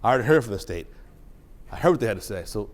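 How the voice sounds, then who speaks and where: Racing along in a lowish voice, a judge shares an emotional story with students in a courtroom. Sometimes he is hushed and choked up; sometimes he gets loud and excited.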